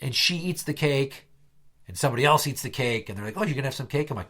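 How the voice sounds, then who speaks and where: A podcast host, a man, tells a long workplace story in a casual, profane way. His voice swings widely in pitch as he gets worked up and acts out the quotes. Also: lively intonation, fast talker, fairly bright tone.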